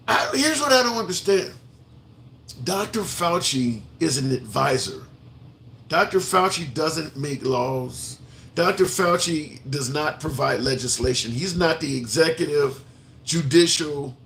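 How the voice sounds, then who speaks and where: Gravelly, argumentative male political commentator. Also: on the high side, sharp tone. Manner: argumentative, rhetorical questions, repeats himself. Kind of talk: opinion commentary livestream.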